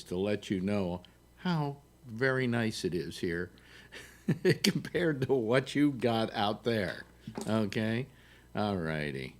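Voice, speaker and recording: A man hosting a casual live call-in chat show from his home, rambling with lots of fillers and restarts, joking along the way. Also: on the low side. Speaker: host. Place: home studio in New York. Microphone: desktop mic, video call.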